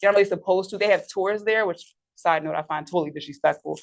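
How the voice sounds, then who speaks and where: Chatty new woman, talks fast, kinda low voice, candid podcast guest vibe. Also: gravelly. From New York. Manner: chatty, candid, laughs easily. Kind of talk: casual chat.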